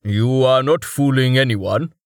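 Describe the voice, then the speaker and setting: A man voicing a tired, terse, rumbling male warrior in an audiobook. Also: a little slow, no echo, studio quality, natural voice. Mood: weary.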